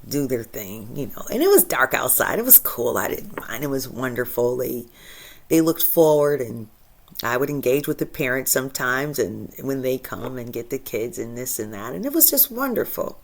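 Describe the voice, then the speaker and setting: A woman hosting her own spiritual channel, talking casually and with feeling, laughing often and swinging from soft to loud. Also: rumbling low, very animated, normal speed. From Michigan. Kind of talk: casual inspirational monologue.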